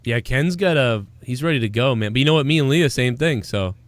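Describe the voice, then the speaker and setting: A man's voice: medium pitch, animated, fairly quick. A man joins a casual podcast chat with an ordinary mid-range voice. He banters bluntly and swears freely.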